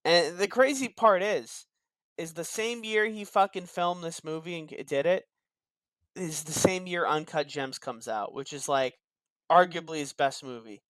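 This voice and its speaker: A young adult man co-hosts a casual podcast, exasperated and quick to swear. His voice sits a little high, smooth and resonant. The recording is dry and close. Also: fairly bright tone, dry recording. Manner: exasperated, swearing, laughing asides. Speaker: podcast co-host. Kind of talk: casual movie review chat.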